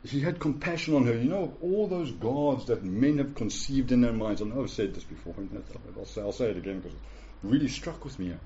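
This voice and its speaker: A man in his forties delivers a sermon in a warm, relaxed voice, pressing his points by repeating them and asking his listeners "yeah?". The recording is dull and lo-fi. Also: medium pitch, fairly quick. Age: 40s. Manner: emphatic, repeats phrases, asks the room "yeah?". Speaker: pastor. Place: church hall with a live congregation.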